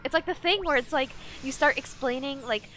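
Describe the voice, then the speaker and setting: Young female streamer, high-pitched and bright, chatty and ranty. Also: a little fast, a little hiss or hum. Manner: rambling, ranting, reads chat aloud. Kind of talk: casual live-stream chat while gaming.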